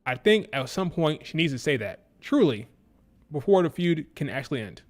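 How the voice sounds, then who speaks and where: Male stream host, fairly high voice, animated and opinionated, hammers each point home by repeating it. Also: normal speed. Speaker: wrestling show reviewer. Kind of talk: live-stream commentary.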